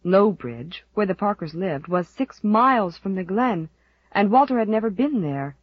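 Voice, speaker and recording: Breathy woman reading a novel aloud. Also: medium pitch, lively intonation, moderate pace, dry recording. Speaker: audiobook narrator. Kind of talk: scripted narration. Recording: dull, dry, lo-fi recording.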